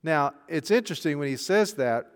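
A man preaching a sermon. He asks rhetorical questions and swings between hushed, intimate passages and emphatic, raised ones. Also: a little high, animated, normal speed. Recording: long hall reverb.

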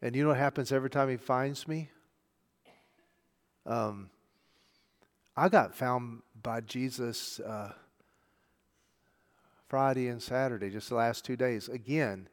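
A middle-aged man preaching a sermon, telling a story conversationally and moving between hushed and loud delivery. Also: mid-range voice, measured pace, pauses often. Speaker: pastor. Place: church sanctuary. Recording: long church hall reverb.

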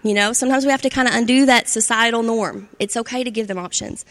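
Woman teaching a parenting class, kinda high voice, chatty, lots of "right?", big echoey hall sound. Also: fast talker, a bit bright. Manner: conversational, checks in with "right?" and "okay?". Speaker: parenting instructor. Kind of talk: instructional talk to adults.

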